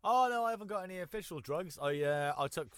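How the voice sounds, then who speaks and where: A man's voice: high voice, lively intonation, fast, a bit bright, clean tone, no room sound. A man co-hosting a podcast over a video call, full of crude, playful banter and silly sound effects. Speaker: podcast co-host. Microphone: headphones and mic on a video call.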